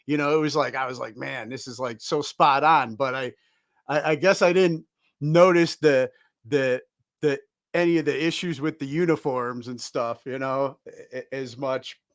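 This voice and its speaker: A man hosting a podcast, chatting casually and laughing easily, with halting restarts. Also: mid-range voice, no echo, studio quality. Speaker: podcast host. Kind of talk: casual chat.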